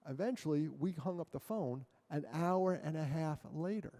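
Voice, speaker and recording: Addressing a crowd in a big hall, a middle-aged guest speaker gives a motivational talk, and his voice echoes with a long tail. His tone is mellow and somewhat high for a man, and he moves at a moderate pace. He tells stories with animation, acting out quotes and joking with the audience.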